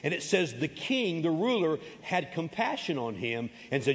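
A man's voice: a little high, sing-song, normal speed, few pauses. A man preaching a sermon as pastor, emphatic and folksy, repeating his key phrases and adding humorous asides. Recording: long reverb of a large hall.

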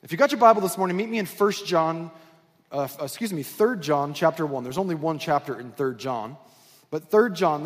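A man with a high voice preaches to his church congregation. He talks in a conversational way and keeps checking in with his listeners by asking them questions. The sound carries a long reverb from the large room. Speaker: pastor. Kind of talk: sermon. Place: church sanctuary.

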